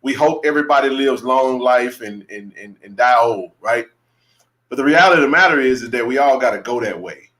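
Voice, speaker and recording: A man's voice: medium pitch, lively intonation, brisk, fairly bright tone. A man hosting a casual live sports chat. He talks animatedly, repeats himself and laughs often. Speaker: podcast host.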